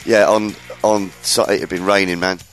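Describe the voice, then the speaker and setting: A man with a slightly low voice hosts a loose radio chat, full of enthusiasm and rambling restarts. Faint music plays underneath the talk. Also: level tone, moderate pace. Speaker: radio show host.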